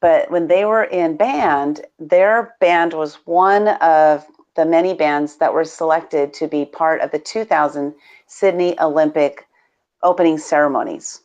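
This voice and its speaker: A woman's voice: sits low, unhurried, a little mellow, dull audio. A woman from the United States co-hosting a live video show, telling stories in a bubbly way with frequent laughs. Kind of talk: casual live-stream chat.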